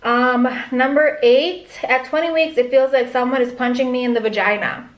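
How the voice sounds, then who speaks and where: A young pregnant woman talks candidly to camera, her speech full of "like" and quick asides. Her voice sits a little high, and the room around her has a noticeable echo. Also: steady tone, muffled recording. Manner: chatty, lots of "like", candid and rambling. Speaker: vlogger. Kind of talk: casual pregnancy vlog. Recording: echoey room.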